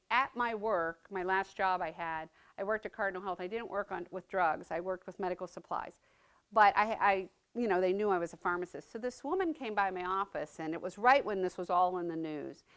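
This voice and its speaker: A middle-aged woman giving a personal testimony talk, conversational and earnest, often checking in with the audience by asking "right?". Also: mid-range voice. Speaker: speaker sharing her story as a mother.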